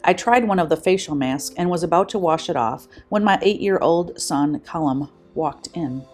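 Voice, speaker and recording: A woman's voice: deep voice, moderate pace, a little mellow. A woman in her fifties, a vlogger, reading short funny anecdotes aloud in a light, amused way. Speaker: vlogger host. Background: faint background music.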